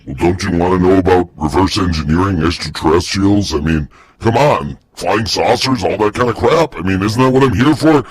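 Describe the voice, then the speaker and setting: A man doing a gruff, husky ex-Area-51 scientist. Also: deep voice, moderate pace, few pauses, no room sound. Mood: irritated. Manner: gruff, exasperated, keeps repeating himself. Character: irritable middle-aged male ex-Area-51 scientist.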